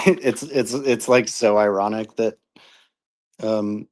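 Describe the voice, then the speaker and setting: A man's voice: lowish voice, steady tone, slow. A laid-back man in casual chat on a live audio space, who laughs often and fills his talk with likes.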